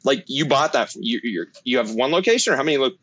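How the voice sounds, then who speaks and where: Easygoing guy hosting a podcast, mid pitch, chummy, calls his guest man. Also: fast. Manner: relaxed and chummy, says "man" and "like" a lot. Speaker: podcast host. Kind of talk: casual podcast interview.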